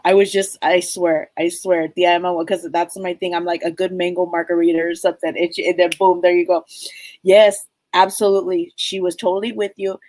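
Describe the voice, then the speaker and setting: A woman giving a live spirit reading as a psychic medium, rambling and halting with many fillers. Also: on the low side, a little mellow, no room sound, low-quality recording.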